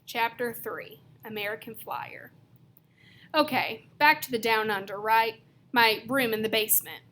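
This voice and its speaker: A woman narrates a first-person audiobook in the loose, slangy voice of a teenage boy, taking her time. Her bright tone is pitched somewhat high, with a faint hiss in the background.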